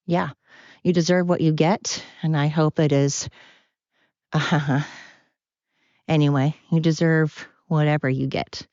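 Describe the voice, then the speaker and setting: On the low side and a little mellow, a woman's voice comes through with no room sound in a dull, lo-fi, dry recording. She's walking around outdoors hosting a solo podcast. Her casual rant about her opinions is heated, repetitive, blunt, and full of profanity.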